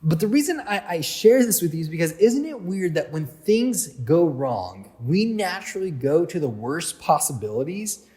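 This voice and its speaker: A man's voice: a little high, big pitch swings, moderate pace, few pauses, a little mellow. A man speaking as a youth pastor, giving a sermon to a youth group in a chatty storytelling way, with lots of fillers. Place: church hall. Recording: long hall reverb.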